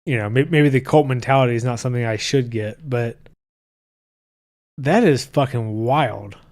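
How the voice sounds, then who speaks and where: A man's voice: mid-range voice, normal speed, a little mellow. A man in his thirties hosting a podcast, chatting casually and reading viewer comments in a loose, profane way. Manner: loose and profane, with frequent restarts. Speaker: podcast host.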